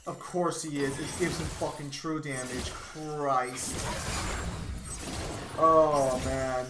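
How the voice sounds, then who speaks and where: A man's voice: a little high, fairly even intonation, slow. Sweary ranting gamer man in echoey room. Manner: frustrated, sweary, ranting, bursts into yelling. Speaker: gamer streaming a match. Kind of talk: live gameplay commentary. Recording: echoey room with background noise.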